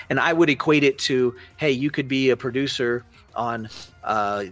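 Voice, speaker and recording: A man talking casually as a podcast guest, animated and folksy in his storytelling. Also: medium pitch, normal speed, dry recording. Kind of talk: casual conversation.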